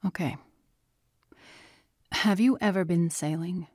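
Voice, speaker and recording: A woman voicing a calm, thoughtful man who explains things in a measured way. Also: sits high, dry recording, clean studio sound.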